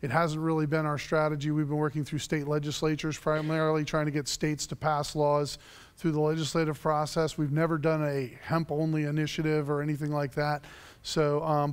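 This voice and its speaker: A man on a panel answering audience questions, halting and leaning on filler phrases. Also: on the high side, smooth. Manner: halting, many 'you know' fillers. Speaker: panelist, hemp advocate. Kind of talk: panel discussion.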